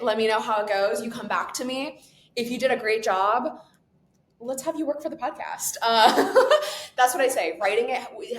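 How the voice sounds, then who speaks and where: A woman who creates a podcast answers interview questions in an animated, expressive way and laughs often. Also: a little high. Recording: echoey room.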